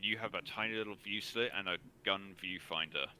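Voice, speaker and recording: A man running a tabletop game as game master, narrating the scene in a measured way with frequent pauses. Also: deep voice, pushed and bright, poor audio.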